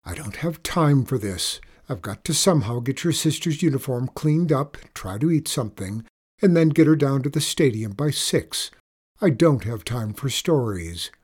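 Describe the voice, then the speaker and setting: A man's voice: mid-range voice, lively intonation, normal speed, darkish tone, slightly rough. A man voicing a stressed, short-tempered mother in a spoken story. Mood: exasperated. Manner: curt and exasperated. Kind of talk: audiobook character voice.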